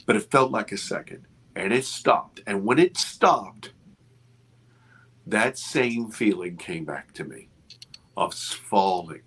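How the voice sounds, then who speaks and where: A man over fifty, an interview guest, telling a story with expressive, restarting speech. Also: lowish voice, gravelly, breathy edge. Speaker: interview guest, film producer. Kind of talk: animated storytelling in a casual interview.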